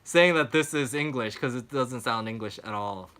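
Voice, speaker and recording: A man's voice: medium pitch, normal speed, fairly bright tone. A young American man from California hosting a travel live stream, chatting casually, rambling and repeating words.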